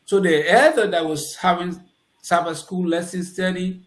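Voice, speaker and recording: A man with a Liberian accent tells a personal story as an interview guest and brings the people in it to life by voicing their lines. His voice sits a little high. The recording has a noticeable roomy echo. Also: normal speed. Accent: Liberian English. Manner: animated, acts out quoted dialogue. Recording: roomy echoey room.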